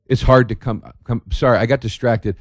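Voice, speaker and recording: Man, sardonic podcast host, rambling and profane, mid-pitched voice, dry room. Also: fairly even intonation, moderate pace, dry recording. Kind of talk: solo comedic monologue. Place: indoor room by a window.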